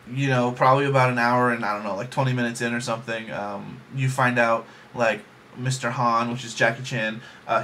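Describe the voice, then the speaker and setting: A man with a bright, forward voice rambles through a casual movie review at home in his bedroom. He jokes as he goes and fills his talk with ums and likes. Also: medium pitch, a little hiss or hum.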